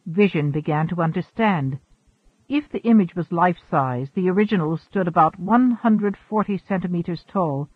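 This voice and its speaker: A man reading a science fiction story aloud as an audiobook narrator, in a measured way, lightly voicing the characters. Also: high voice, husky, no echo. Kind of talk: scripted narration. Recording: tinny phone-like sound.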